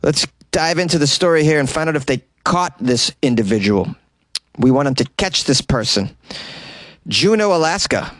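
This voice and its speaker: A man's voice: fairly high pitch, moderate pace, no echo. A man hosting a comedy news podcast, riffing sarcastically and animatedly on weird stories. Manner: sarcastic, animated, jumps into mocking voices. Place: small closet.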